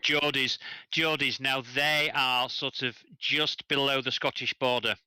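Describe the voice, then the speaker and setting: Englishman with dry humour, sharp bright voice, close dry mic. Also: mid-range voice, steady tone, unhurried, clear, resonant tone, no room sound, poor audio. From England. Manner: dry, wry storytelling. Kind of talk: casual livestream chat.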